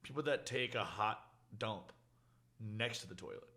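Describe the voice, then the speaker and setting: A man talks as a guest in a casual chat, telling bar-work stories in a laid-back, wry way. He drifts through his anecdotes with easy pauses and dry asides. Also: on the low side, expressive, pushed and bright. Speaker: guest, bartender and singer.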